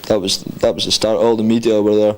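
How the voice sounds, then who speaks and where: A man from a band talking casually in an interview, relaxed and hesitant, with dry humor. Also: on the low side, fairly quick, heavy background noise. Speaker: band member.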